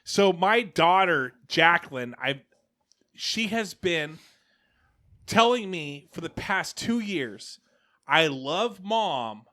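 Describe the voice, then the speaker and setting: A man in his forties hosts a casual podcast over a headset. His voice sits a little high and rings bright and forward. He rambles through stories, stopping and restarting his sentences. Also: lively intonation, takes it slowly. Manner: rambling storyteller, many restarts. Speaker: podcast host. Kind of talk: casual chat.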